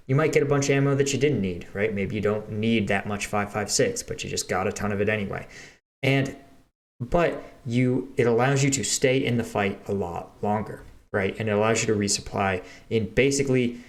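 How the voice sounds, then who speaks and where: A man hosting a reaction video, explaining things in a casual, conversational way. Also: on the low side. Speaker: host, reacting veteran.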